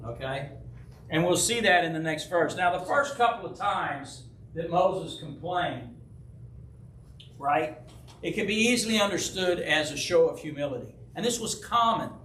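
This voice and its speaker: Man, pastor, Bible study, storytelling, keeps asking "right?", high bright voice, echoey church room. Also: normal speed, a little hiss or hum. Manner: animated storyteller who acts out quoted voices; frequent checking with "right?". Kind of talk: conversational Bible teaching with personal stories. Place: church hall.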